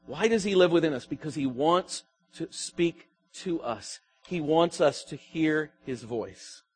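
A pastor preaches to his congregation in a fairly high male voice. He lets his emphasis rise and sink and tosses questions to the listeners. Faint music plays underneath. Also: animated, unhurried, breathy edge. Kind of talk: sermon.

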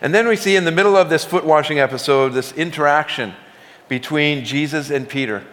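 A man's voice: a little high, a little fast, a bit bright. A man preaching a sermon as pastor, talking conversationally and building emphasis as he retells a scripture story in his own words. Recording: long hall reverb.

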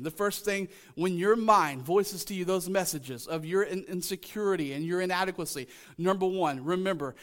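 A male pastor preaching a sermon, emphatic and repeating his key lines to the congregation. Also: fairly high pitch.

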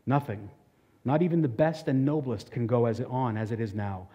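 A man reading as a calm older guide teacher. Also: medium pitch, normal speed, husky, in a large hall, highs cut off, lightly acted.

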